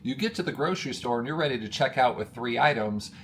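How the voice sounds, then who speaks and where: An emphatic male coach with a mid-pitched voice, speaking straight to camera with rising energy. He addresses his audience as friends and pushes each point hard. A faint hiss of noise sits under the recording. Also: fast. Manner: energetic, emphatic, gets worked up. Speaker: motivational coach. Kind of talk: motivational talk to camera.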